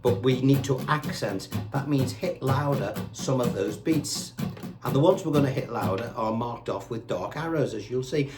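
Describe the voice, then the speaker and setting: A man's voice: medium pitch, normal speed. Man teaching guitar, counting beats. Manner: patient, counts beats aloud while playing. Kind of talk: step-by-step guitar lesson. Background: his own guitar playing.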